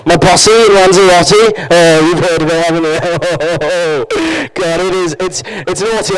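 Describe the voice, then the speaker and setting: High-voiced Welsh comedian from Wrexham. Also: male voice, poor audio. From Wales. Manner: rambling, self-mocking storytelling with many fillers. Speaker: stand-up comedian. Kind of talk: live stand-up comedy. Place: live comedy stage at a university campus event.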